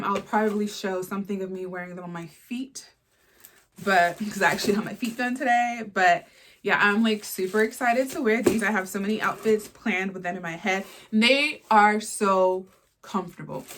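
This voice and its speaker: A woman in her twenties chatting casually and excitedly as she unboxes shoes, full of playful asides and filler words. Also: medium pitch, moderate pace, background noise. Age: 20s. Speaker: fashion vlogger.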